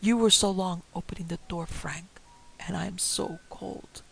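A man voicing the wailing ghost of a dead wife, cold and pleading, in a breathy, mournful tone. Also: sits high, steady tone, measured pace, a little hiss or hum, rough recording.

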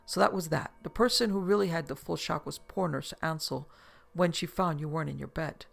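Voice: medium pitch, a little fast, vocal fry. A breezy, joking house doctor, as a narrator reads him. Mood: jovial.

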